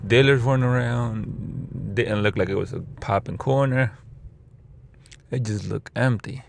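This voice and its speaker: A man telling a rambling, profane story from his car about his rideshare driving, switching into animated quoted voices. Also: fairly low pitch, unhurried, creaky, a little hiss or hum. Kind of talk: casual storytelling.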